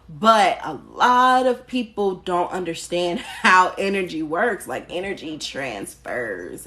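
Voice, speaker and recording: A woman with a slightly low voice talks straight into her phone during a casual live stream. She chats candidly, picks up viewer comments as they come in, and lets an occasional curse slip. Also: a bit bright. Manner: candid and chatty, reads out and answers viewer comments, occasional swearing. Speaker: spiritual practitioner hosting a live stream.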